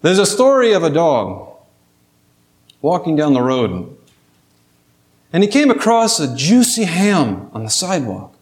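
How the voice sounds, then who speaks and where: Male preacher, high voice, storytelling sermon style with lots of questions to the congregation. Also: huge pitch swings, measured pace, long pauses.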